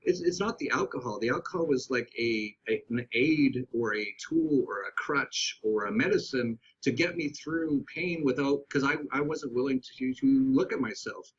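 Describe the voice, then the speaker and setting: A man as a podcast guest, telling a candid personal story in a reflective, halting way with many restarts. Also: mid-range voice, muffled recording, a little hiss or hum.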